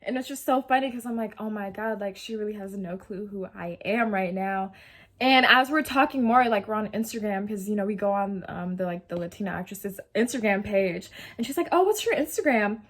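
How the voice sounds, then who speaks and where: A woman's voice: mid-range voice, fairly quick. A young woman in her twenties telling a story in a rambling, slangy, casual way, full of "like" and swearing. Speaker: vlogger. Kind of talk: casual story-time chat.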